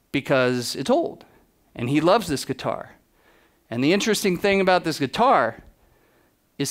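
A man giving a conference keynote, telling stories in a casual, animated way, full of fillers and acted-out quotes. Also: on the high side, clean tone. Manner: animated storytelling, acts out quotes with voice drops; casual, many "like" and "you know" fillers. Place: conference stage before an audience.

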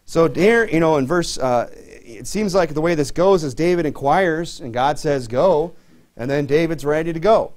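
A man's voice: on the high side, moderate pace, a little mellow. A middle-aged man preaching a sermon to his church in a conversational way, full of "you know" fillers. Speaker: pastor.

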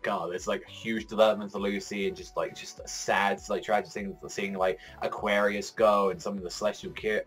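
A young man giving a casual, excitable anime episode review, rambling with lots of fillers and swearing. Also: fairly low pitch, breathy edge.

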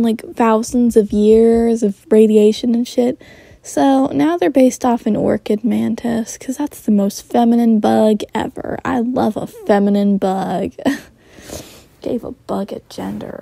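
A woman's voice: a little high, vocal fry, warm tone, dry recording. A woman casually reading her own story aloud, with giggly, chatty asides and slang.

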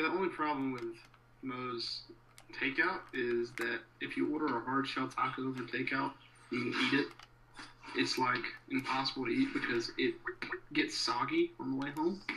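A man talking casually as a friend on a voice call, chatty and quick to laugh. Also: medium pitch, steady tone, noisy background. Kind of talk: casual chat.

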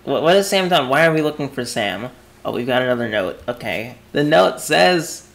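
A man commentating a horror game he is playing, jumpy and excitable, yelping and screaming at scares, his throat dry from yelling. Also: medium pitch, normal speed, creaky. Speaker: gaming YouTuber. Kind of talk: horror let's play commentary.

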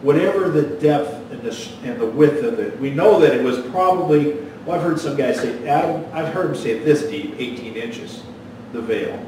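Folksy preaching pastor in an echoey church. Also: male voice, mid-range voice, animated, moderate pace, recorded from a distance, slight background noise. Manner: folksy preaching with a joke told in voices. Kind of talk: sermon. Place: church sanctuary.

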